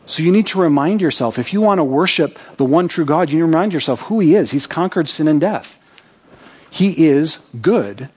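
A man's voice: fairly high pitch, lively intonation, normal speed, a little mellow, slightly rough. A man preaching a sermon as pastor, talking conversationally, reading scripture aloud with his own asides and checking in with "right?".

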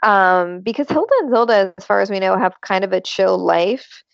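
A woman's voice: medium pitch, normal speed, gravelly, no room sound, dull audio. A woman co-hosting a podcast in casual, chatty talk with plenty of fillers. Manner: chatty, lots of fillers, laughs often. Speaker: podcast co-host. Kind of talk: casual chat.

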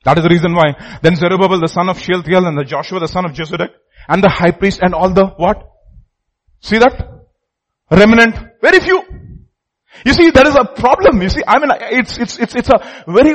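A man's voice: sits high, lively intonation, a little fast, rough recording. A man preaching a sermon who stresses his points by repeating phrases and putting questions to the congregation.

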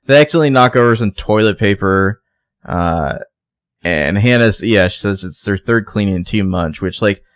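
Low-voiced man in sarcastic recap chat. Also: no echo. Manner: jokey, sarcastic, acts out quotes. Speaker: podcast co-host.

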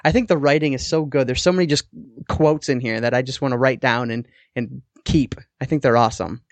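A man's voice: mid-range voice, fairly even intonation, a little fast, dry recording. A man co-hosting a podcast, casually recapping a TV episode in a rambling way with the odd swear word. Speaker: podcast co-host.

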